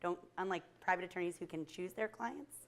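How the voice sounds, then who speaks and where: A woman's voice: lowish voice, a little fast. A woman public defender in a courtroom, answering a student's question in a plain-spoken way.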